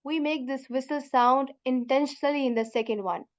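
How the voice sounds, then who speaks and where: High-voiced woman teaching Arabic sounds. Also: fairly even intonation, highs cut off. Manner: patient, repeats each sound slowly for students to copy; addresses students as sister. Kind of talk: beginner pronunciation lesson.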